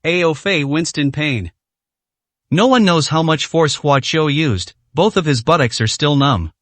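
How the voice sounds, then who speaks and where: A man narrating a story in an audiobook with expressive delivery. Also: a little high, a little slow, no room sound. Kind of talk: scripted narration.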